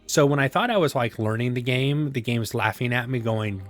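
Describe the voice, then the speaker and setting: A man hosting a gaming channel chats his way through a let's-play from his home setup, musing aloud, teasing himself and chuckling. He speaks in a mid-range voice at a moderate pace with few pauses, over soft background music.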